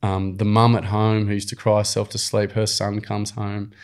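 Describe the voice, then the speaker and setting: A young Australian man with a lowish voice, speaking at normal speed, appears as a podcast guest and program founder. He tells stories in a casual, slangy, earnest and animated way.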